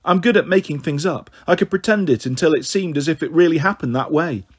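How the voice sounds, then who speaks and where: A man's voice: a little fast, husky. A man reading a children's novel aloud, lifting his voice for the characters. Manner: voices the characters with lifted pitch. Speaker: narrator. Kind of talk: storybook reading.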